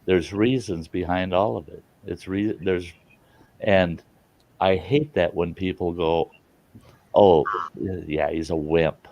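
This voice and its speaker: A man's voice: low-pitched, steady tone, takes it slowly, darkish tone, no room sound, highs cut off. A middle-aged man hosting a casual chat, talking earnestly and from the heart. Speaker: channel host.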